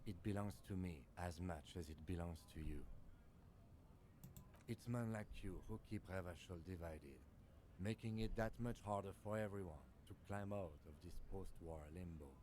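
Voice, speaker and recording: A stern, composed police lieutenant from a video game, read out by a man. He speaks in deep, formal, measured sentences. Faint ambient noise sits behind the voice. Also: a little mellow, lightly acted.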